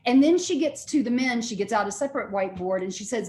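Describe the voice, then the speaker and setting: A woman lecturer and therapist telling stories in an animated way, often repeating herself. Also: a little high, quick pace, hardly any pauses, echoey room. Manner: animated storytelling with repetitions. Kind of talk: recorded lecture.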